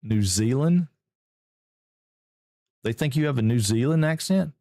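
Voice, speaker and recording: A man from Georgia with a Southern American accent, hosting a live game stream in casual, upbeat chat and greeting viewers excitedly. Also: mid-range voice, measured pace, no echo, clean studio sound. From Georgia, USA.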